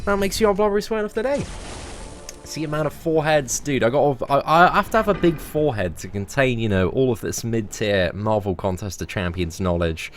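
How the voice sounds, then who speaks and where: A man's voice: medium pitch, fairly quick, faint music behind. Chatty young man streaming a game. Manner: animated and chatty, heavy slang, calls viewers mate and lads. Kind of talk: casual live-stream commentary.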